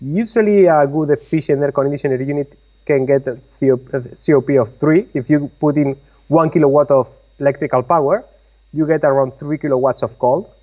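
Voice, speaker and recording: Man explaining tech, higher voice, muffled. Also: a little fast. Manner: explains technical detail patiently. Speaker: co-host. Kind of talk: casual live-stream chat. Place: workshop. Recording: slightly muffled audio.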